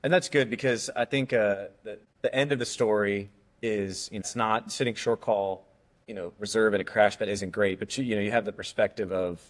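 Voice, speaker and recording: A man's voice: fairly low pitch, fairly even intonation, moderate pace. A man hosting a podcast, chatting casually and encouragingly, with rambling sentences full of filler words. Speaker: podcast host. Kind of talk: casual interview chat.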